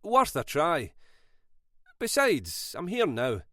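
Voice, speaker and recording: A man playing a protective, forceful big brother. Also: on the high side, wildly swooping pitch, slow, no room sound, clean studio sound, pitched above the performer's own voice, heavily acted. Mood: firm. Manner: firm, commanding.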